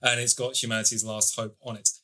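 A man's voice: medium pitch, flat delivery, quick pace, pushed and bright. A man co-hosting a podcast, casually summarizing and reviewing a TV series at length, with the odd swear. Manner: chatty, swears casually, long plot summaries.

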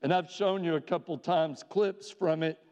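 Male pastor, fairly high voice, earnest sermon delivery, dull reverberant sanctuary sound. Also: a little mellow. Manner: earnest preaching with rhetorical questions, slowing for emphasis. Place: church sanctuary. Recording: dull reverberant church recording.

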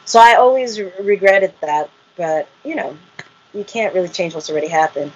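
A woman's voice: on the low side, lively intonation, moderate pace, breathy edge. A woman, a reality show cast member, telling her story in an interview, acting out quotes and laughing often. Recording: muffled lo-fi audio.

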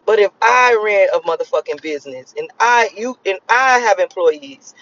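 A woman's voice: mid-range voice, expressive, normal speed, a bit bright. Profane, emphatic woman ranting, lo-fi. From Miami. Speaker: vlogger. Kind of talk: casual rant to camera. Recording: slightly lo-fi recording.

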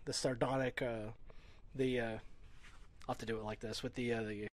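Deadpan man on a video call. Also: mid-range voice, normal speed. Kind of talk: casual chat. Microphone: remote video call.

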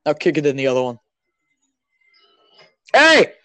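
A young man hosting a podcast, chatting casually and excitedly while coaching a friend through a video game. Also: on the high side, unhurried. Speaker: podcast host. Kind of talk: casual chat while gaming.

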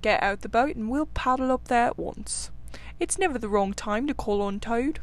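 Woman voicing a good-natured male water rat, cheerful, brisk, storybook, slightly high voice. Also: natural voice.

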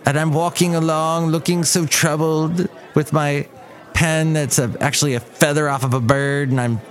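A man's voice: high-pitched, pitched above the performer's own voice. A man playing a grandiose, overwrought Shakespeare. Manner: overwrought, grandiose, drawn-out delivery. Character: brooding, theatrical male poet playwright.

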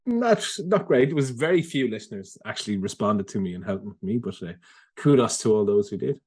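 A man's voice: fairly low pitch, animated, a little fast, darkish tone, husky. A man co-hosting a podcast in casual chat, dry and understated. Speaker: podcast co-host.

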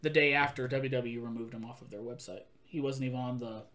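A man chatting casually as a podcast host, an animated storyteller who acts out quotes and laughs often. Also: medium pitch, quick pace. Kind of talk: casual chat.

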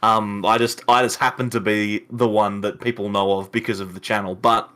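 A man's voice: on the low side, level tone, normal speed, bright, forceful tone. A man with an Australian accent who runs a card game channel, chatting casually on a podcast, rambling and often laughing. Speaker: YouTube channel host, card game player.

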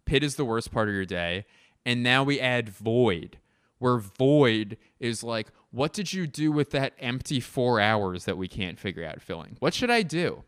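A man's voice: mid-range voice, animated, measured pace, fairly bright tone, smooth, dry recording, clean studio sound. A man hosting a solo comedy podcast, rambling and swearing as he wanders around his home. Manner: rambling, profane, self-mocking. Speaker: podcast host. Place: indoors at home, walking around.

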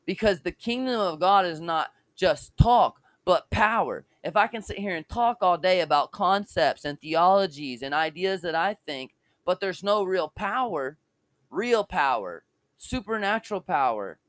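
A man preaches from home in an informal, heartfelt way, sharing his testimony and dropping casual slang between points. His voice sits high, and the sound is close and dry with no room around it. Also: expressive, normal speed, hardly any pauses, no echo. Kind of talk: informal online sermon.

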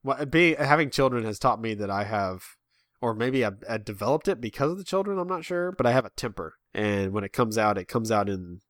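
A man's voice: medium pitch, brisk, fairly bright tone, no room sound, studio quality. A man in his thirties chatting casually as a podcast co-host, rambling with lots of restarts and self-mocking asides. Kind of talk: casual chat.

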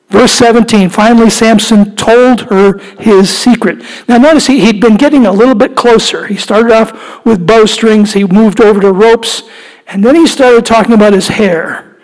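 A man preaching a sermon, telling stories with animated energy and rising into impassioned pleading. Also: sits high, moderate pace. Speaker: pastor. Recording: long hall reverb.

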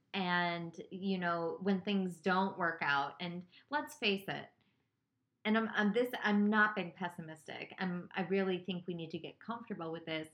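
A woman's voice: fairly low pitch, fairly bright tone. A woman co-hosting a podcast in casual chat, talking reflectively and rambling, with many fillers. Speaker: podcast co-host.

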